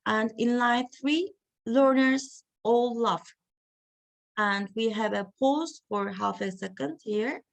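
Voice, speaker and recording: A woman giving an academic reading session, talking slowly and haltingly with many fillers. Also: a little high, vocal fry. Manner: slow, halting delivery with frequent fillers. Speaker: lecturer.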